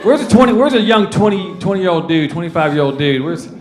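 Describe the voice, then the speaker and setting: Mock-grumpy fifty-something stand-up comedian. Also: male voice, high voice, lively intonation, a little mellow. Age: 50s. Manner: mock-grumpy, crowd work, acts out quick voices. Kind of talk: stand-up set to a live audience. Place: corporate event venue. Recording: roomy venue with audience noise. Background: audience laughing.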